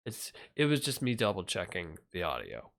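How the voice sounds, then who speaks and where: A man's voice: deep voice, huge pitch swings, normal speed, a bit bright. A man chatting casually on his livestream, mumbling and thinking aloud as he fixes his audio at a desk microphone.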